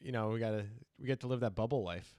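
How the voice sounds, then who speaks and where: Dude breaking down poker hands, dry wry jokes, close dry mic. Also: male voice, on the low side, fast talker, a little mellow, no room sound. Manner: dry, wry humor mixed with hand analysis. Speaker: poker commentator. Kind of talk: casual live-stream commentary.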